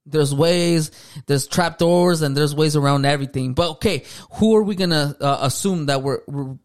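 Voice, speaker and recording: A man's voice: a little high, normal speed. A man co-hosting a podcast, talking in profane slang and calling people "fool". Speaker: podcast co-host. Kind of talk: casual podcast chat.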